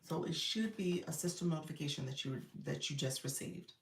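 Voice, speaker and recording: A woman's voice: sits low, a little fast, gravelly, slight background noise. A woman coach chatting casually on a live stream, loose and talkative with lots of fillers. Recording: roomy, distant phone audio.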